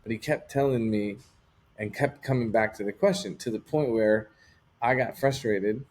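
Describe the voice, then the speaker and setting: Low-voiced man telling a candid story. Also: normal speed, a little mellow. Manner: candid, rambling, with frequent "like" fillers. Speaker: interview guest. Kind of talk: casual storytelling in conversation.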